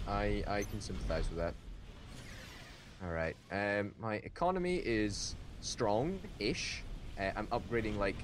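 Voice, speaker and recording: A man chatting casually while playing a strategy game, self-mocking and prone to sudden excited jumps in pitch. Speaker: game commentator. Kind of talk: casual gameplay commentary. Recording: background hiss.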